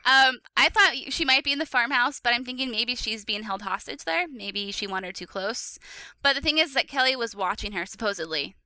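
Bright-voiced woman podcast host. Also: on the high side, animated, a little fast, dry recording. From Seattle area. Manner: laughs often, upbeat. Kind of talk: casual chat.

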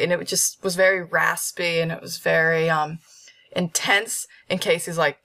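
A woman's voice: lowish voice, fairly even intonation, moderate pace, creaky, fairly bright tone. A woman guest voice actor chatting casually in an interview, hesitant and full of fillers and restarts. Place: at home with a dog.

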